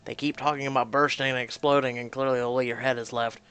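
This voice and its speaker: A man reading a romance story game aloud in a soft, hushed narration, breaking off for dry, mocking asides. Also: mid-range voice, little pitch movement, fast, smooth.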